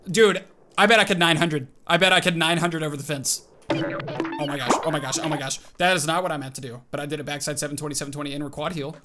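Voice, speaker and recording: A young man giving excited, animated commentary on his own gameplay, calling out tricks and reacting aloud. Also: on the high side. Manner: animated, exclaims and narrates tricks to himself. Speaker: gaming video host.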